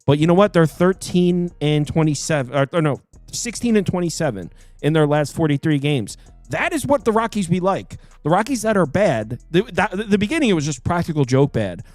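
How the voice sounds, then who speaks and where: Man, rather high voice, casual betting talk, rambling, dry close mic. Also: big pitch swings, a little fast, a little mellow, no echo, soft background music. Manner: rambling, self-correcting, joking. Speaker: sports betting show host.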